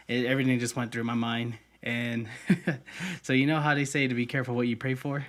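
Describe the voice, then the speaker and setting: Recorded on a podcast microphone, this young male co-host has a mid-range, slightly bright voice that stays fairly flat in pitch and moves along quickly. His personal story comes across as sincere and heartfelt, peppered with many fillers.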